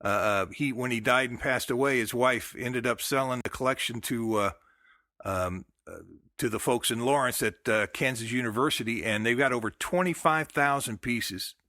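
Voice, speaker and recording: A man's voice: mid-range voice, pushed and bright, dry recording, studio quality. A middle-aged American man hosting a radio show, talking casually with frequent fillers and restarts. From United States. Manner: halting, with many fillers and restarts. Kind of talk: casual phone interview and show sign-off.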